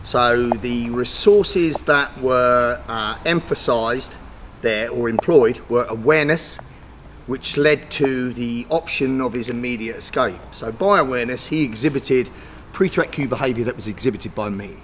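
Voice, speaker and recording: A middle-aged self-defence instructor explains his methods in a blunt, no-nonsense way, cursing now and then. His voice sits at an ordinary pitch, with faint noise in the background. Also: unhurried, fairly bright tone. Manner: blunt, swears casually. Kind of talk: instructional talk.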